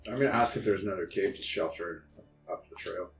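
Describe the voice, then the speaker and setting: A man's voice: low-pitched, fairly quick, faint music behind. A man playing a tabletop game, asking questions about the rules. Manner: asks rule questions. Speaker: player. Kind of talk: casual game chat. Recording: roomy, off-mic, faint noise.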